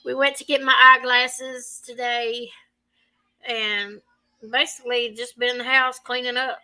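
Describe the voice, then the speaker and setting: Southern woman on a live stream, high voice, real bright, laughs a lot and reads comments. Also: little pitch movement, measured pace, rough recording. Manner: chatty, laughs often, reads viewer comments aloud. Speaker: co-host of a live chat stream. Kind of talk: casual live-stream chat.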